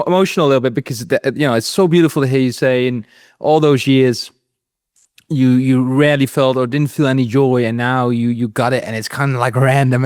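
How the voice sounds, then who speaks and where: A man's voice: mid-range voice, a little mellow, no room sound, clean studio sound. A man hosting an interview as an anxiety coach, talking casually and often stammering and repeating words.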